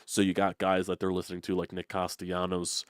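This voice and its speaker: A man's voice: deep voice, completely flat delivery, fairly quick, smooth, no room sound, clean studio sound. A congested man with a blocked nose hosting a casual sports talk show, rambling with many fillers. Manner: rambling, lots of "you know" fillers. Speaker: sports channel host.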